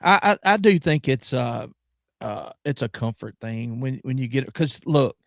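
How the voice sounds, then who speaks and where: A man's voice: mid-range voice, expressive, moderate pace, vocal fry, no room sound, studio quality. A man with a Southern US accent, a guest in casual chat, rambling with many filler words while enunciating carefully. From American South.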